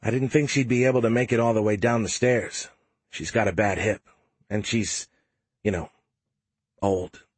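A man's voice: lowish voice, steady tone, normal speed, long pauses, breathy edge, dry recording. A man reading the part of a tough, frank young woman soldier in an audiobook, with little change from his own voice. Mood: somber. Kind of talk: audiobook character voice.

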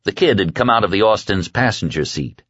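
A man reading an audiobook in a measured, dark storytelling manner. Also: lowish voice, lively intonation, no echo. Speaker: audiobook narrator. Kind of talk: scripted audiobook narration. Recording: dry dull lo-fi audio.

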